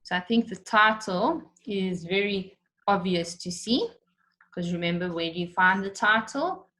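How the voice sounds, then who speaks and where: Slow, patient woman teaching a lesson. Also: medium pitch, lively intonation, pushed and bright. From South Africa. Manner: patient, explains step by step, repeats questions. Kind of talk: recorded online lesson for children.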